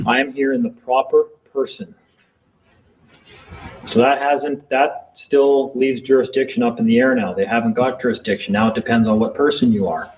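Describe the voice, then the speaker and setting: A man's voice: mid-range voice, fairly even intonation, moderate pace, a little mellow, lo-fi sound, a little hiss or hum. A man giving a casual talk to a small group, rambling and repeating himself as he acts out exchanges in court. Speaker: seminar speaker.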